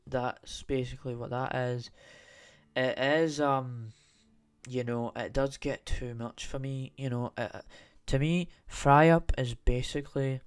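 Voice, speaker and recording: Young Scottish man, podcast host, rambling, repetitive, slow pace, mid pitch. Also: smooth. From Scotland. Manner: rambling, tangent-prone, repetitive.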